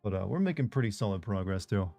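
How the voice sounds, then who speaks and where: A man hosting a game stream, chatting in a relaxed way and thinking aloud as he plays. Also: lowish voice, fast, creaky, faint music behind. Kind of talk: casual gameplay commentary.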